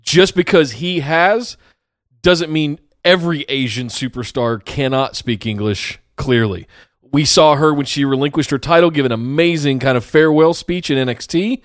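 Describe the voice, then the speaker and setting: Earnest podcast co-host, dry sound. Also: male voice, on the high side, normal speed, no echo. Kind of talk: casual podcast chat.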